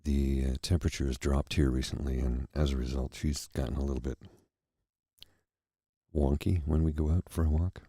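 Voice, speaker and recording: A man hosting a soft-spoken ASMR chat, reflective and halting, with pauses and restarts, close to the mic in a quiet room. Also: a bass voice, fairly even intonation, slightly rough, dry recording. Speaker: host.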